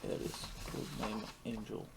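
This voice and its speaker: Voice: mid-range voice, fairly even intonation, moderate pace, creaky, a little mellow, low-quality recording. A tabletop game player making jokey, playful asides. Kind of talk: casual game chat.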